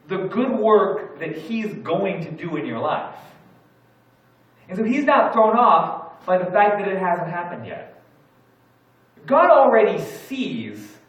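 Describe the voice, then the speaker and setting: Man, pastor, sermon, animated storytelling, echoey hall, distant mic, slightly raised voice. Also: sits high, highs cut off. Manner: storytelling, animated, acts out his own panic. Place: church sanctuary.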